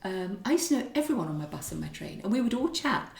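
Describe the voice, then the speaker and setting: A chatty middle-aged woman tells stories around a kitchen table in a relaxed podcast chat. Her voice carries a gravelly fry, and the room around her is noticeably echoey. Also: medium pitch, fast talker. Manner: chatty, animated storyteller. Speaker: podcast co-host. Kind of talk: casual chat.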